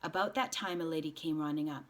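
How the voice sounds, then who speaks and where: A woman reading a novel aloud to a group of students, with quiet, steady narration. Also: low-pitched, quick pace.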